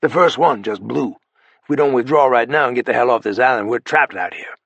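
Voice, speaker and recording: Picture a gruff, urgent henchman, as a male narrator puts him on. He pushes to get moving, in a husky, raspy voice. The read is close and dry. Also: medium pitch, a little fast, a bit bright, no room sound. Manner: urgent, pushing.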